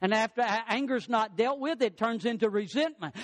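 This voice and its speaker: A man preaching a sermon, telling stories and acting out the voices of the people in them, slowing down and rising in pitch to stress his points. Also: animated, no echo. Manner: impassioned, acts out quoted voices, swells louder and slows for emphasis. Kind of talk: sermon storytelling.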